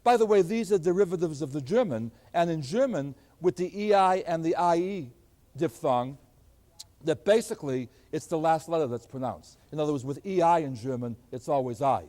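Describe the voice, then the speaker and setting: A man giving a math lecture, explaining ideas in an animated, emphatic way. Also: a little high, normal speed. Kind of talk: classroom lecture.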